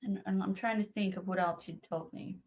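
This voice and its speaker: A middle-aged woman, a psychic medium guest, telling her story in an interview with animated quoting. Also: a little fast. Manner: animated, acts out quotes in a high voice.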